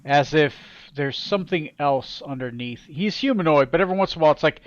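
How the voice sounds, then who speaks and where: A man's voice: on the high side, expressive, fast talker, dry recording, lo-fi sound. A man narrating as game master of a tabletop game, casual and self-correcting.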